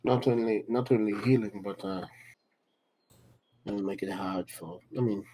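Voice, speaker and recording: A man playing a tabletop game, speaking in a halting, cautious way while planning. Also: fairly low pitch, dark tone, a little hiss or hum, rough recording. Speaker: player.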